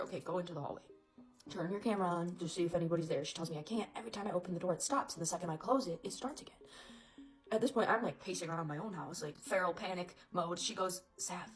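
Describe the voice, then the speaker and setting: A woman casually telling a scary story, chatty and animated, with lots of fillers. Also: fairly low pitch, poor audio.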